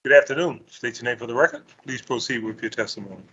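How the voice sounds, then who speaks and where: A man chairing a public hearing, giving brisk, polite procedural prompts. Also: mid-range voice, pushed and bright, slightly rough. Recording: dull lo-fi stream with faint noise.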